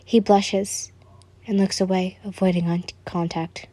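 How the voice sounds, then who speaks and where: A woman reading a fan story aloud as narrator, in a calm, even way. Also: medium pitch, a little slow, no room sound.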